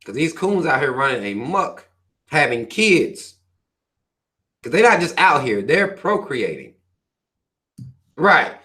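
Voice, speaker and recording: A man's voice: a little high, very animated, slow pace, long pauses, sharp tone. A man hosting a livestream, reading viewer comments aloud and ranting at them in a profane, preachy way, firing questions at his listeners. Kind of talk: livestream rant.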